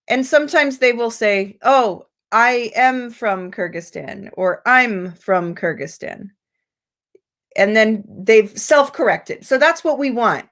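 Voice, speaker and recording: An American woman teacher trainer giving an online lecture, patient and explanatory, her pitch jumping up when she acts out prompts. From United States.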